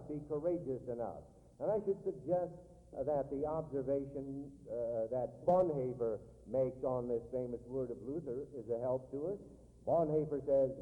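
Emphatic preacher, tinny and echoing. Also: male voice, mid-range voice, lively intonation, moderate pace. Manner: emphatic, dramatic swings in loudness. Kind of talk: sermon. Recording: tinny lo-fi recording in a large echoing hall.

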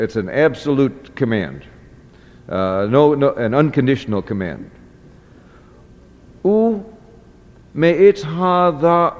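A man teaching a class, reading a text aloud and explaining it slowly, with many fillers and restarts. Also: medium pitch, a little mellow. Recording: dull audio with long hall reverb.

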